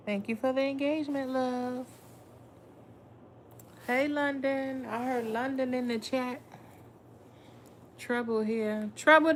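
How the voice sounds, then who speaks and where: A woman's voice: medium pitch, a little hiss or hum. A woman tarot reader chatting casually with viewers on a livestream, blunt and swearing freely. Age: adult with a son.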